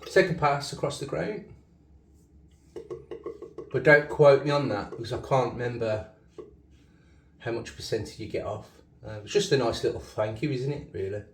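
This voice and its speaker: A man's voice: mid-range voice, moderate pace, long pauses, fairly bright tone, recorded from a distance. Chatty Black Country man, echoey room. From Black Country, England. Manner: chatty, self-correcting, laughs easily. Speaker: shaving channel host. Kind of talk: casual rambling shaving commentary.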